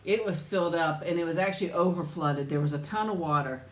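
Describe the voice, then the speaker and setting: A woman's voice: on the low side, quick pace, echoey room. A woman hosting a casual live chat with viewers while eating. She tells stories in a chatty way and often laughs as she talks.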